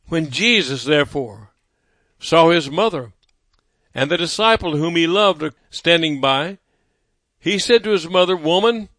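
Slow, emphatic male preacher. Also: sits high, a bit bright, no echo, clean studio sound. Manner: emphatic preaching with dramatic pauses and repetition. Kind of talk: sermon.

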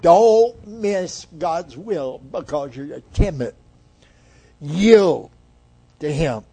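An older man preaching a sermon in a slow, earnest way, with pauses between phrases. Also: a little high, expressive, mellow, husky. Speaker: guest preacher.

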